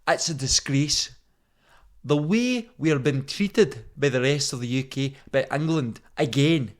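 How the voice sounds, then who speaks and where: A man's voice: medium pitch, unhurried, close to an everyday voice. A man putting on an angry, aggrieved Scottish man with a Scottish accent, ranting indignantly.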